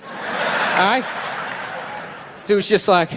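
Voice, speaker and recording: A male stand-up comic ranting in an explosive, shouting delivery, with a high voice and a bright, forceful edge. The sound carries a long reverb from a live venue, with a faint hum of ambience underneath. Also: animated, unhurried, long pauses. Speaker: stand-up comedian. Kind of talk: stand-up comedy.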